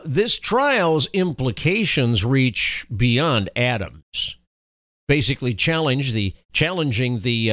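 A man's voice: medium pitch, a bit bright, no echo. A man giving opinionated commentary on political news, reading reports and adding wry, sarcastic asides. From Texas.

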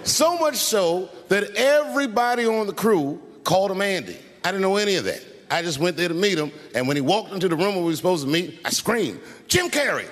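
A man telling a story on stage as a stand-up comedian, swinging between hushed asides and loud bursts. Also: sits high, a little hiss or hum. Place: large venue on stage. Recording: stage audio with long hall reverb and faint crowd.

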